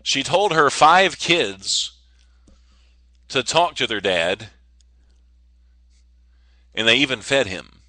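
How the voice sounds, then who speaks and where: A man's voice: mid-range voice, sing-song, takes it slowly, pauses often, pushed and bright, dry recording. A man hosting a casual solo podcast, rambling and joking with frequent stammers and restarts. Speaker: podcast host.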